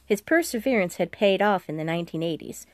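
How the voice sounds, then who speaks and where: A woman narrating an audiobook in a steady, even storytelling manner. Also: on the low side, a little fast, dry recording. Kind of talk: scripted narration.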